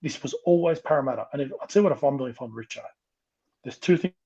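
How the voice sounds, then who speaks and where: A man's voice: mid-range voice, fast, dark tone, husky. Impassioned Australian man ranting on a muffled call. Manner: impassioned, ranting, repeats himself. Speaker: rugby league coach guest. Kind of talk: opinionated podcast chat over a call. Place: remote call.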